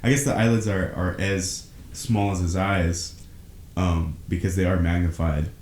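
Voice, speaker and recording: A man co-hosting a podcast in casual chat, halting and hesitant, laughing often. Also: sits low, fairly even intonation, a little mellow, slight background noise. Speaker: podcast co-host. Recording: roomy echoey room.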